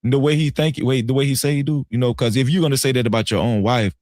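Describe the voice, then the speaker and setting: A man telling a story casually on a live stream, animated and profane, often repeating himself. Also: mid-range voice, fast talker, dry recording, clean studio sound.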